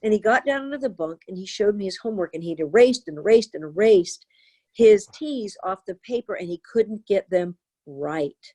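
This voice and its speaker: An older woman, a therapist and author, telling a personal story in an interview with earnest, animated delivery. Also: medium pitch, moderate pace.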